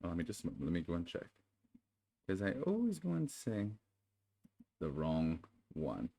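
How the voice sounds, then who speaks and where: A man hosting his channel in casual chat, then reading a storybook aloud in a soothing, unhurried way. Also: deep voice, wildly swooping pitch, creaky, warm tone. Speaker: channel host.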